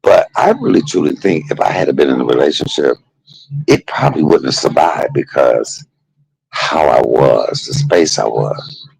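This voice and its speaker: Low husky guy telling stories on stream, voice jumps all over, lots of laughing. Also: normal speed, poor audio. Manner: animated, laughing, swings between joking and heartfelt. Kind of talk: casual storytelling monologue.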